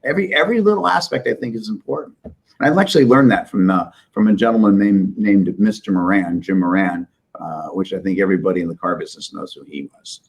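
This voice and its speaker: Husky-voiced emphatic businessman telling stories. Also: deep voice, fast talker, low-quality recording. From Midwest United States. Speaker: business owner guest. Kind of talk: casual interview storytelling.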